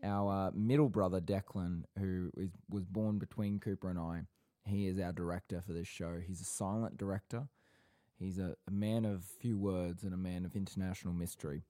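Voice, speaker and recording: A man's voice: deep voice, level tone, normal speed, dark tone, no room sound, clean studio sound. A man co-hosting a podcast in a casual chat from an office, teasing his brother in a mock-dramatic way. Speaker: podcast co-host. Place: home office. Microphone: podcast microphone.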